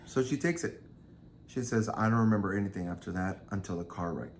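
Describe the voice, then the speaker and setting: A man's voice: fairly low pitch, fairly quick, darkish tone. A man casually retelling a true crime story, acting out the quoted lines with lots of energy.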